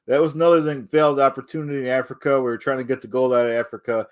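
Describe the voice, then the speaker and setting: A man voices a scheming, reckless businessman who talks in a folksy, crowd-pleasing way. His pitch is middling and ordinary for a man, with nothing strained about the delivery. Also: little pitch movement, very fast, natural voice. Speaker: debater in a comedy sketch. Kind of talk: improvised comedy debate.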